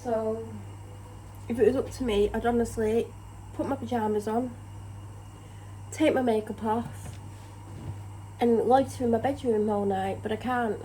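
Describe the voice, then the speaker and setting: A woman's voice: on the high side, steady tone, measured pace, long pauses, mellow, slight background noise, rough recording. A tired woman rambles in casual chat about her day while cooking in her home kitchen. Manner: rambling, chatty, self-deprecating. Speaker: vlogger.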